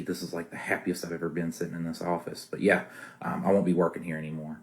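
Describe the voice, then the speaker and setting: A man with a low voice talks back to his boss in an office. He is casual, defiant and openly sarcastic. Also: level tone, fast talker. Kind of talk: comedy sketch, casual.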